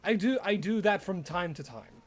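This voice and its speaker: Lively high-voiced Australian man streaming. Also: normal speed. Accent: Australian with some American. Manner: chatty, answers chat, mock-indignant. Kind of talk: casual live-stream chat.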